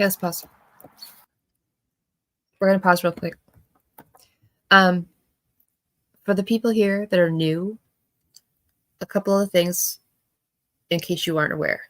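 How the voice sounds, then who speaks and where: A woman hosting a commentary, explaining statement analysis in a halting, repetitive way. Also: fairly low pitch, a bit bright. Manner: halting, repeats words while explaining.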